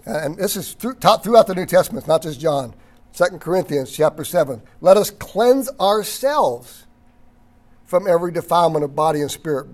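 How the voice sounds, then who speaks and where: Guy leading bible study, kinda high voice, keeps clearing his throat, leans hard on words. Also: a little mellow. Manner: often clears his throat, restarts phrases, reads quotes aloud; emphatic on key words, occasional chuckle. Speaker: Bible teacher.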